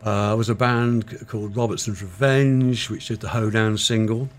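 A man's voice: lowish voice, fairly even intonation, normal speed. An older man from England, a musician guest, telling rambling stories in a casual radio studio interview. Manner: rambling, self-correcting storyteller.

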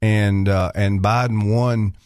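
A man's voice: on the low side, steady tone, takes it slowly, darkish tone, smooth, no echo, studio quality. Folksy older man hosting talk radio. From Arkansas. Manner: rambling, folksy, many filler words. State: slightly out of breath. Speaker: guest radio host. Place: radio studio.

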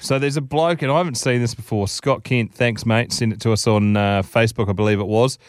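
A man's voice: medium pitch, a little fast, no echo, clean studio sound. A man co-hosting a casual podcast, reading jokes aloud and doing voices for the characters. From New Zealand. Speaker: podcast co-host.

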